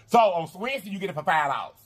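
A man with a high voice and a Southern American drawl talks casually to his viewers. He half sings his words in a looping, sing-song manner, repeating phrases as he goes. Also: lively intonation, racing. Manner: drawling, repetitive, affectionate addresses to viewers. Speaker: mukbang channel host. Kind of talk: casual vlog chat to viewers.

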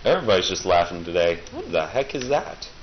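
A let's-play gamer with a cold gives casual, sarcastic commentary, playfully taunting the enemies he fights. His low, animated voice moves fairly quickly, and the lo-fi recording is dull with faint hiss.

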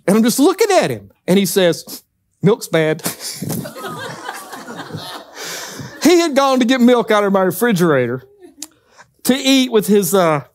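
A man preaching a sermon, telling stories with lively acted-out quotes. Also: sits high. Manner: animated storytelling, acts out quotes. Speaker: pastor.

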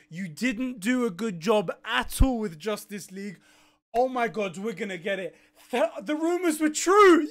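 A man's voice: very high-pitched, expressive, normal speed, a bit bright. A young man streaming live, swearing and laughing in disbelief as he reacts.

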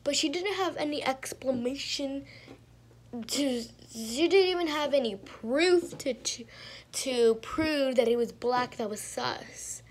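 Young woman gamer, high voice, exasperated muttering. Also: takes it slowly. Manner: exasperated, talks to herself, drifts into mumbling. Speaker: gaming streamer. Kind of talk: casual gameplay commentary.

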